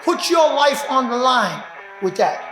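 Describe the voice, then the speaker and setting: A man teaching self-defense in a training room, talking emphatically and now and then shouting as he acts out street confrontations. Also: very high voice, sing-song, a little slow, over music. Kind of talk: animated teaching demonstration. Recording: roomy echo.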